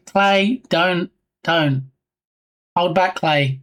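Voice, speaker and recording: A man's voice: fairly high pitch, slow, fairly bright tone. A man streaming live and chatting casually with his viewers in a playful, teasing way. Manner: playful, jokey, teasing chat.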